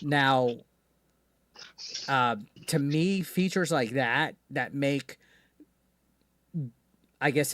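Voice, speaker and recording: A man's voice: on the high side, a bit bright, no room sound, studio quality. A man hosting a live call-in stream, talking casually with frequent restarts and swearing. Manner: rambling, profane, many restarts. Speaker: streamer host.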